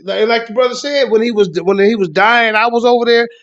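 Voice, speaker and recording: A man organizing a tournament pleads and coaxes on a livestream panel. His voice runs fairly high. The audio comes through dull and lo-fi. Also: steady tone, brisk, fairly bright tone. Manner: coaxing, pleading, talking over others. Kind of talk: persuasive livestream chat.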